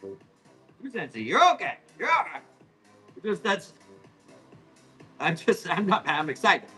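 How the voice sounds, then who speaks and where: A man hosting a live plant auction, rambling, apologizing and swearing as he hurries through his sales pitch. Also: huge pitch swings, slow pace, bright, forceful tone, soft background music, rough recording. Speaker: live-stream plant seller. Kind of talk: live auction selling chat.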